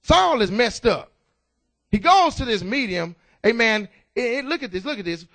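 A man's voice: very high voice, expressive, normal speed. A man preaching a sermon, stammering restarts and repeated calls of "y'all" and "amen". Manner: stammering restarts, rising to shouts.

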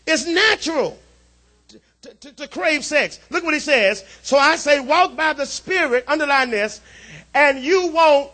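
A man a sermon as pastor, calling out to the congregation and swinging from quiet asides to shouts. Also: extremely high pitch, a little slow. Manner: call-and-response preaching, rising to shouts.

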